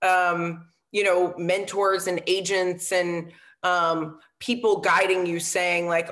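This woman, once a football coach, is a guest in an interview, telling a story casually in a fairly low voice at a slow pace. She's earnest, saying "um" a lot and tagging on "right?", and she voices other people's lines with lively impressions.

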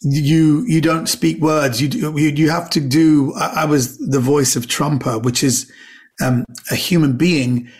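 His voice is a little high and unhurried: a middle-aged comedian and actor from Britain, here as a guest, animatedly telling stories in a relaxed chat. He acts out the voices of the people involved and makes frequent restarts.

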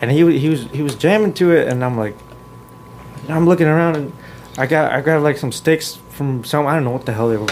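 A man's voice: fairly high pitch, brisk, darkish tone, a little hiss or hum. A man in his twenties telling laid-back stories in a casual chat, mixing in Spanish and swearing freely. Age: 20s. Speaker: guest musician.

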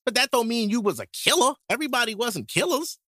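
A man co-hosting a casual podcast, joking crudely and bantering with big animated swings. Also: extremely high pitch, fast talker, dry recording, clean studio sound. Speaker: podcast co-host.

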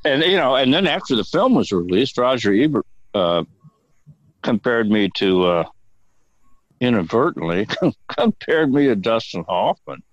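A man's voice: medium pitch, very animated, measured pace, long pauses, dry recording. An older man, a guest on an interview show, telling long rambling stories with plenty of cursing and chuckles. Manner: rambling, profane, chuckling storyteller. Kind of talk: casual storytelling interview. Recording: dull lo-fi dry sound.

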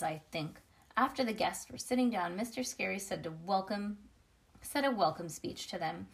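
A woman reads a children's chapter book aloud. Her delivery is lively and expressive, with the odd small slip. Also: mid-range voice, moderate pace.

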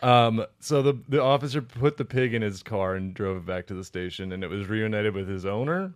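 A man's voice: on the low side, fairly quick, smooth. A young man co-hosting a comedy podcast, telling a story and making crude jokes in casual chat. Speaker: podcast co-host.

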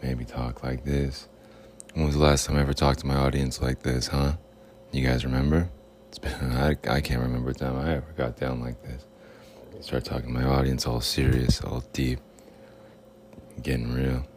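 A man doing a smooth ladies' man who croons low and slow in a hushed, very deep voice, flirting with the listener. The voice sits at the bottom of the range, soft and close. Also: little pitch movement, a little hiss or hum. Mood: crooning. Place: home room with fridge and air purifier.

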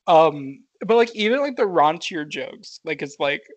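A man's voice: a little high, big pitch swings, slow, fairly bright tone, rough recording. A young man co-hosting a podcast, rambling casually with lots of fillers and frequent laughs. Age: young adult. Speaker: podcast co-host.

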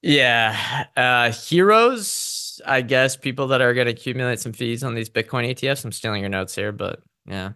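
Man, co-host, casual stock talk, thinking aloud, tense bright tone, dry room. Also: mid-range voice, steady tone, a little fast, hardly any pauses, clean tone, dry recording. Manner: thinking aloud, repeats words. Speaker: podcast co-host. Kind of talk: casual investing chat.

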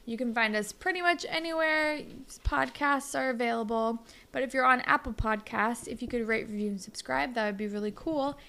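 A woman's voice: on the high side, moderate pace, vocal fry, pushed and bright. A young woman co-hosting a podcast, telling rambling stories in casual chat with lots of "like". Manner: rambling storyteller, full of "like". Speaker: podcast co-host.

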